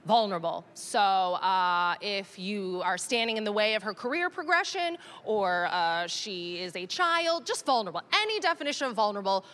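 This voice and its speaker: A Canadian woman in her thirties telling a stand-up story, animated and self-mocking, swinging between dry asides and excited outbursts. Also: mid-range voice, moderate pace, few pauses. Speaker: stand-up comedian.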